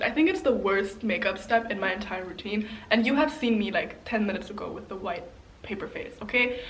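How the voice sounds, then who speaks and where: A woman's voice: medium pitch, a bit bright, a little hiss or hum. A young woman chatting casually through her makeup routine, rambling with lots of fillers and giggles. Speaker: beauty vlogger. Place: home, getting ready on camera.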